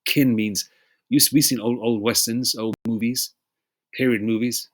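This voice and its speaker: A man preaching an informal sermon, reading verses slowly and pausing to ask "you know?" and "okay?" again and again, with throat clearing between passages. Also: mid-range voice, steady tone. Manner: emphatic, repeats "you know?" and "okay?" often.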